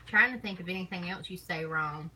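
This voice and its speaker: A woman's voice: fairly low pitch, fairly quick, pushed and bright, slight background noise, low-quality recording. A woman with a Southern US accent chatting casually on a live stream, laughing often and teasing. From American South.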